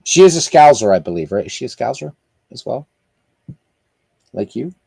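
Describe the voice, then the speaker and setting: A man's voice: medium pitch, very animated, moderate pace, gravelly, mellow, slightly rough, no echo. A man hosting a live stream in casual chat, rambling and chatty as he greets viewers by name.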